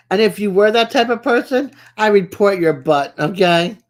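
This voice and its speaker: A woman hosting a casual livestream from home, giggly and teasing as she chats with her viewers by name. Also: medium pitch. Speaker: livestream host. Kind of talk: casual chat with live viewers.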